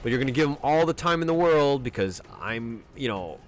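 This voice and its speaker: A man's voice: mid-range voice, animated, brisk. A man coaching a player through a game replay, exclaiming and repeating urgent commands as he talks. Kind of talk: replay analysis commentary. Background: music.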